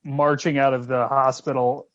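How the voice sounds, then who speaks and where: A man's voice: mid-range voice, level tone, normal speed, fairly bright tone, no room sound. A man co-hosting a movie podcast, chatting easily and chuckling along in a casual film recap. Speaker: podcast co-host. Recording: slightly dull, lo-fi dry sound.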